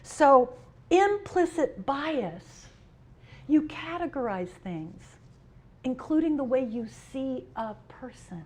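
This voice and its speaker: A middle-aged woman, a union president, giving a conference speech. She tells humorous personal stories with shifts between loud and soft. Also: high voice, big pitch swings, slow. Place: conference hall.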